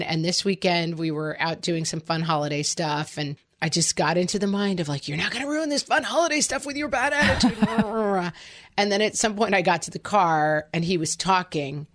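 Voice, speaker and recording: A woman co-hosting a casual parenting podcast, joking and dramatically retelling her own parenting slips. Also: lowish voice. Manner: animated, jokey, dramatic retellings. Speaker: podcast co-host.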